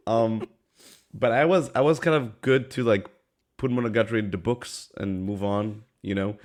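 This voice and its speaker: Male podcast co-host, a bit sick and stuffy, relaxed and loose, lower voice. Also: moderate pace. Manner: casual, loose, swears offhandedly. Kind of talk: casual podcast chat.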